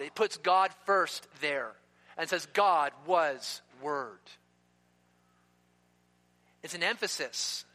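A man preaching a sermon in an emphatic way, slowing down to stress key words. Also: high voice, bright, forceful tone. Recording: long reverb of a hall.

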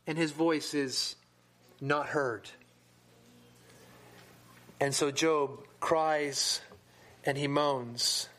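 A man preaching a sermon who reads scripture aloud with rising intensity and then explains it in a lower voice. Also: a bit bright.

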